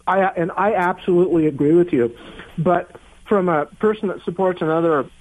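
A man's voice: high voice, a little fast, dry recording. Polite male caller on tinny phone line. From Oregon. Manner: polite, earnest, apologetic. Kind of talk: phone-in call.

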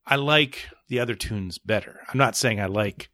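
A man's voice: lowish voice, normal speed, sharp tone, dry recording, clean studio sound. A man co-hosting a podcast, chatting casually and enthusiastically about music with rambling asides. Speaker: podcast co-host.

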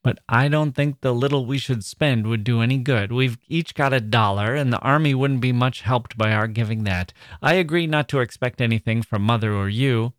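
A man's voice: medium pitch, moderate pace, hardly any pauses, dry recording, natural voice. A blunt, grumbling tomboy of a teenage girl, read by a man in close to his own voice. The recording is dry and close.

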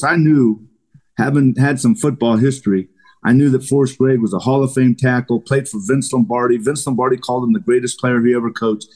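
A middle-aged man, a retired football lineman, telling stories as a podcast guest, acting out quotes as he goes. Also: medium pitch. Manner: animated storyteller, acts out quotes. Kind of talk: casual storytelling interview.

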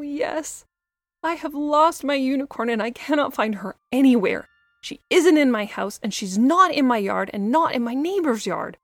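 A woman's voice: fairly high pitch, dry recording. A woman doing an anxious little girl. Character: young girl, worried, earnest. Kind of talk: storybook voice acting.

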